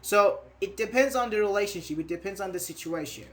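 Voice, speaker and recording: A man's voice: sits high, fairly quick, a bit bright. A man. He explains patiently with everyday examples and repeats his phrases. He also acts out short quoted lines. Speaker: English teacher. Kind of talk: online grammar class.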